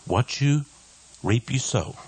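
Preacher guy on the radio, breathy husky voice, really lively up and down, mocks people sometimes. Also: mid-range voice, slow. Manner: emphatic, swings between soft asides and loud exclamations; mimics opponents in mocking voices. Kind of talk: radio sermon.

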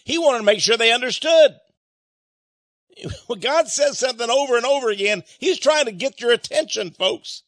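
High-voiced man preaching emphatically. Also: animated, moderate pace, long pauses, fairly bright tone, dry recording, studio quality. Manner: emphatic, with rhetorical questions and chuckles. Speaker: Bible teacher. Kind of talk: sermon-style Bible reading and commentary.

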